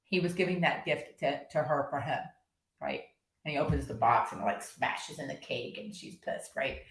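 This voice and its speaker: A woman's voice: low voice, lively intonation, normal speed, reverberant, poor audio. A woman coaching in a casual, rambling monologue, full of restarts. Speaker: horse-based coach.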